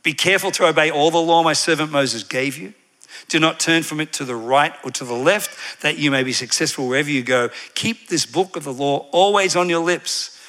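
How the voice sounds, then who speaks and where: Guy preaching a sermon, bright kinda high voice, lively, gets the crowd to say stuff back. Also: a little fast. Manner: energetic, leads congregation call-and-response; animated, digressive storytelling.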